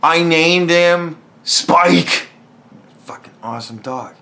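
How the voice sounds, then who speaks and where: A man's voice: on the high side, slow pace, sharp tone. A man talking alone in a casual podcast monologue, blunt and profane, rambling with frequent restarts. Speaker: podcast host.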